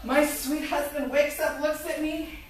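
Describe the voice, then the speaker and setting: A woman in her forties lecturing to a college class, telling a personal story in an animated way and acting out what people said. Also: sits high, a little slow, a little hiss or hum. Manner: lively, animated storytelling with acted-out quotes. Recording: echoey room, recorded from far off.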